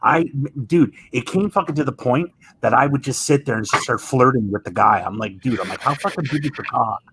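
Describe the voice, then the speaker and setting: A man's voice: medium pitch, fairly quick, a bit bright, breathy edge, low-quality recording. A man chatting casually as a guest on a live stream, telling stories full of swearing and laughter. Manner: profane, laughing storyteller.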